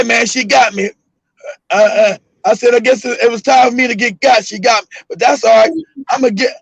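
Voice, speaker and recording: A middle-aged man tells a story in a loose, animated way, often laughing and shouting out the punchlines. His voice sits very high with a gravelly fry. The sound is close and dry. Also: no room sound, muffled recording. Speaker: host. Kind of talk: casual storytelling.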